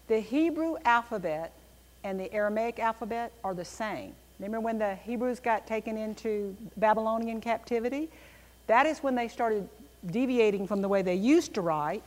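A woman teaching a Bible class in an animated, emphatic way, with a reverberant room around her. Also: fairly high pitch.

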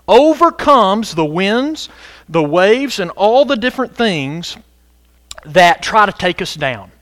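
A man preaching a sermon as pastor, animated and conversational, breaking into sudden shouts for emphasis. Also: on the high side, no room sound.

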